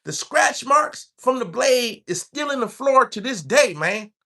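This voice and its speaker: A man voicing a brash male inmate who gleefully brags about stabbing someone, in an excited drawl. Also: extremely high pitch, a little slow, creaky, pitched above the performer's own voice, exaggerated voice. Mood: gleeful boasting.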